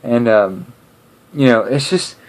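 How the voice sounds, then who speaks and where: A man's voice: mid-range voice, slow. A man chatting casually to camera in a hesitant way, full of fillers and restarts.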